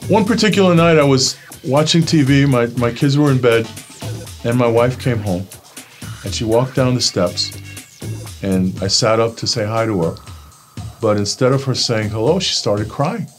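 A man's voice: medium pitch, normal speed, soft background music. New man telling his story. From Brooklyn, New York. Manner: storytelling, acts out quoted voices. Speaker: guest giving a testimony. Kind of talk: personal testimony.

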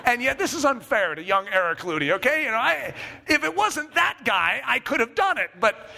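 A man's voice: extremely high pitch, sing-song, moderate pace, gravelly, pushed and bright, long reverb tail. A man preaching a sermon, telling a personal story with self-mocking humor and checking in with the congregation. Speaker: pastor.

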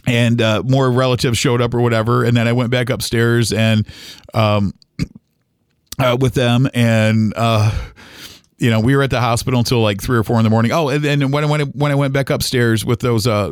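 Podcast host, middle-aged, from Ohio, personal story told haltingly, dry close sound. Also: male voice, medium pitch, fairly even intonation, clear, resonant tone, no room sound. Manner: halting, emotional retelling with many restarts.

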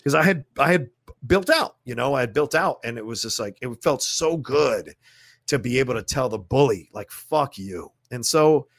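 A man's voice: mid-range voice, expressive, moderate pace, vocal fry, fairly bright tone, dry recording, studio quality. Blunt, profane man telling a story. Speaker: podcast guest. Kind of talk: casual storytelling in conversation. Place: indoor podcast studio.

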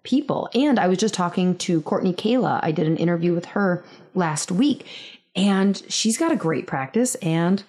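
A woman's voice: lively intonation, normal speed, darkish tone. Candid self-mocking woman podcast host. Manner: candid, self-deprecating, swears casually; acts out quoted voices with big pitch jumps. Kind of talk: casual storytelling monologue.

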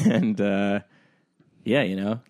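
A man's voice: lowish voice, extremely slow, a little mellow, no echo, clean studio sound. A young man co-hosting a podcast, telling a rambling, self-deprecating story in a casual way, full of "like" and "um". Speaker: podcast co-host.

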